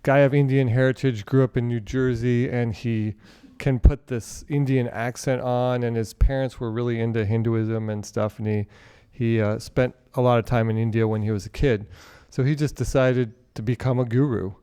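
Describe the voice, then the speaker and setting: A man's voice: mid-range voice, moderate pace, smooth. A young man in casual chat, eagerly retelling a film with lots of fillers. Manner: animated storyteller, filler-heavy. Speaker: group participant. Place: online video call.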